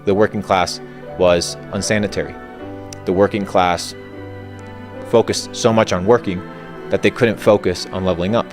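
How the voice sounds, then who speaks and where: A man's voice: low voice, steady tone, moderate pace. A man giving motivational advice in blunt, short, declarative statements. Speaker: guest. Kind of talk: motivational talk. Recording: faint background music.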